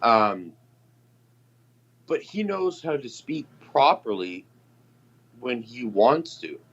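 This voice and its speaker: Man, casual podcast chat, cursing a lot, swooping pitch, unhurried, muffled recording. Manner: profane, animated storytelling.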